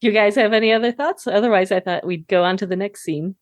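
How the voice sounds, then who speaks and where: A woman at an ordinary pitch sums up a film scene in a matter-of-fact, slightly wry tone. Her delivery is plain and conversational. The sound is close and dry. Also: quick pace, dry recording. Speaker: podcast co-host. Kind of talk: casual movie discussion.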